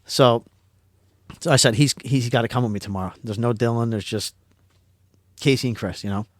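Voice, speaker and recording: A middle-aged man from Pennsylvania tells a long story as a guest on a podcast. His delivery is casual and excitable, full of restarts and repeated words, at an everyday mid pitch. The sound is close and dry, with no room echo. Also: brisk.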